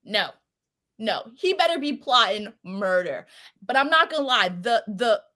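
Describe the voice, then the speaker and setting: A woman chatting casually as a podcast co-host, excitable and profane, telling it with lots of energy. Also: fairly high pitch, unhurried. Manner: excitable, profane, animated storytelling. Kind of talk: casual chat.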